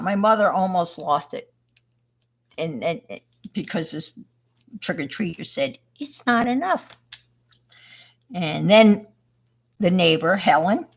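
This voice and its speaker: An older woman from Long Island, New York, with a fairly low voice hosts an art live stream. She rambles casually, telling a story and demonstrating as she works while chatting with her viewers.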